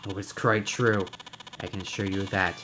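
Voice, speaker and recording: A man voicing a cold, mocking middle-aged killer who speaks slowly and calmly. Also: deep voice, a little hiss or hum, rough recording. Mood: calm menace. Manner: slow, calm, mocking menace.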